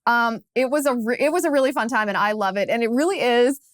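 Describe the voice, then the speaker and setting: A woman in her thirties hosting a political talk show, telling a story in a lively, casual way and laughing along. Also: fairly high pitch, fast, no room sound, studio quality. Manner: animated, laughs while telling anecdotes.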